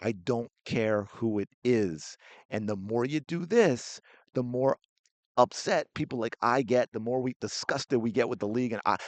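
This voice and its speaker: Guy ranting on his sports podcast, fired up, middle pitch, dry room. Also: dry recording. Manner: heated, indignant ranting. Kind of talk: opinionated solo commentary.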